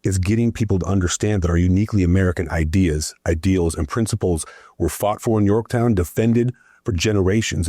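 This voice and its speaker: A man's voice: low voice, a little mellow, husky, no echo, clean studio sound. A man speaking as a political guest in a conversation, an emphatic storyteller who keeps asking "right?".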